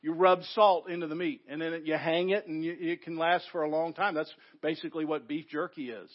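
A man's voice: fairly high pitch, fairly even intonation, brisk, dull audio. A man preaching a sermon as pastor, building emphasis through repeated phrases.

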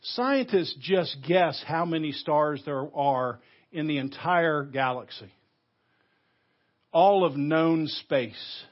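A slightly high, husky male voice with a Southern US accent, preaching a sermon in a church. He swings between hard stresses and slow, quiet phrases. The recording sounds dull and muffled. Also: expressive. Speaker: pastor. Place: church sanctuary.

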